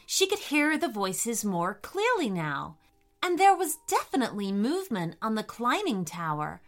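Gentle, expressive woman storyteller. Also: on the high side, normal speed. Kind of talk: bedtime story reading.

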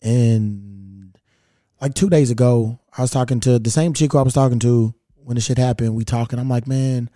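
A man's voice: mid-range voice, moderate pace, dark tone, no room sound, clean studio sound. A man from Kentucky hosting a podcast, telling a story in a blunt, profane, rambling way. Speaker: podcast host. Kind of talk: casual storytelling monologue.

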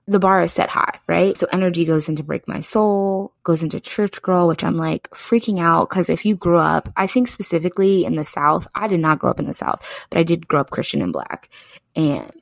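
A young woman hosts a podcast in a low, gravelly voice. She talks in an excitable, gushing, chatty way, like a call with a close friend. Her voice sounds dry and close, with no room around it. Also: normal speed, dry recording. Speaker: podcast host. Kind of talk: casual podcast chat.

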